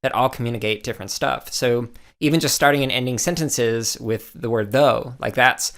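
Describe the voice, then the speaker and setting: A man hosting a podcast interview, talking in a relaxed way and often saying "like". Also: mid-range voice, normal speed. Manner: relaxed, lots of "like" fillers. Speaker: podcast host. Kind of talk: casual interview chat.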